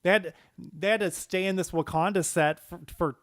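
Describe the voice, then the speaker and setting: A man co-hosting a movie podcast in animated, profane casual chat, laughing often. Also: sits high, normal speed, dry recording, studio quality. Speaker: podcast co-host.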